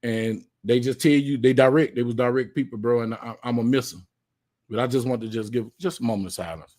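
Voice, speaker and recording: Brief: man, easygoing livestream host, slangy and rambling, mid-pitched voice. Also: fairly even intonation, fairly quick, darkish tone. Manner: laid-back, slangy, filler-heavy talk. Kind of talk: casual live-stream chat.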